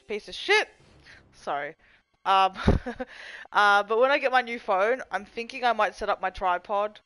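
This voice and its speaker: A young woman chats loosely on her livestream, cursing often and drifting between jokes and reading out chat. Her voice comes across smooth and clear, and the sound is dry and close with no room echo. She talks at a middling pitch. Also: fairly bright tone. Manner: chatty, profane, goofy, reads chat aloud. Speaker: livestream host. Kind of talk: casual rambling livestream chat.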